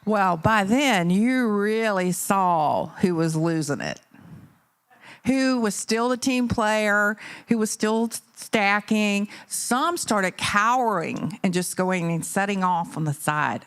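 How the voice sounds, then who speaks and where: A middle-aged woman speaks to a conference crowd in an animated storytelling manner. Her pitch sits in an ordinary middle range for a woman. She keeps asking the listeners rhetorical questions as she drives her motivational points home. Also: takes it slowly, smooth. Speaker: keynote speaker. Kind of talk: motivational talk to a live audience. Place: conference venue.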